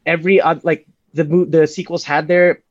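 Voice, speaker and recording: A man co-hosting a podcast in casual chat, measured and precise, correcting details. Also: fairly high pitch, flat delivery, muffled recording. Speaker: podcast co-host.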